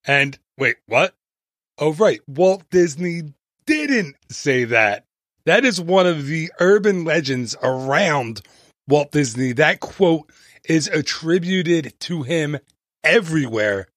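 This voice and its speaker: A man's voice: on the high side, a bit bright, dry recording. A man hosting a travel podcast, talking casually and playfully with jokey asides and tangents, into a close mic.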